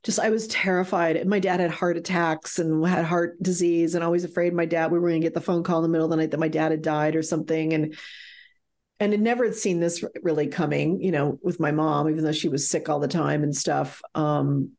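A woman's voice: low-pitched, steady tone, a little fast, darkish tone. A middle-aged woman telling a frank, emotional personal story as an interview guest, swearing freely.

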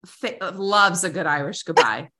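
Bright-voiced woman podcast co-host. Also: lowish voice, a little slow. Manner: warm, encouraging, animated storyteller. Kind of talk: casual chat.

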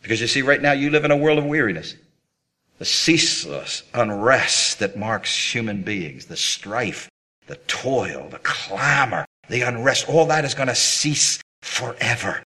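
A man's voice: mid-range voice, expressive, measured pace, pushed and bright, slightly rough. A man preaching a sermon in an earnest, appealing way, with dramatic rises and drops in his voice.

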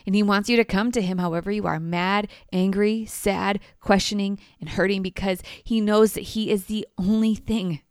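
A woman speaking in a gentle, earnest devotional teaching voice. Her tone is smooth and resonant, and the sound is close and dry. She keeps it conversational and personal. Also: medium pitch, fairly even intonation, moderate pace, few pauses, no room sound.

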